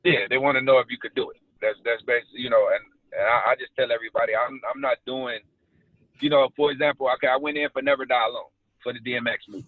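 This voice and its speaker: Man, casual slangy storyteller, mid pitch, tinny dry recording. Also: quick pace, no echo. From South Side Chicago. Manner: animated storytelling with street slang. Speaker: actor guest. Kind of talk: casual interview chat. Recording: tinny phone-like dry sound.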